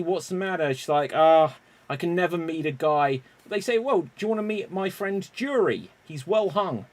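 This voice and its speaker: A man hosting an online improv game over a video call, unhurried and chuckling as he calls on players by name. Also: fairly high pitch. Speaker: improv show host.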